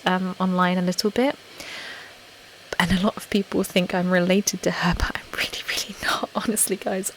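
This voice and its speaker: A young British woman, host of an ASMR channel, chatting casually on a live stream and reading viewer comments aloud, often slipping into a soft whisper. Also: on the low side, a little hiss or hum, low-quality recording. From Britain.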